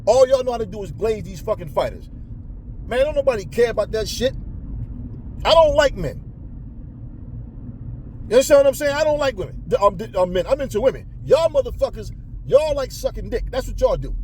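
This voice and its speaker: Very high-voiced and very animated, a male boxing commentator rants briskly to his viewers about boxing, pausing often. His tone is darkish, the talk heated and profane with frequent stumbles and repeated words, and there's slight background noise.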